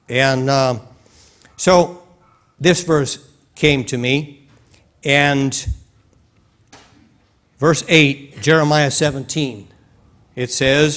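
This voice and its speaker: A man's voice: medium pitch, steady tone, measured pace, a bit bright. A man preaching a sermon in a church, telling a story in a folksy way and acting out its scenes. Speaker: pastor.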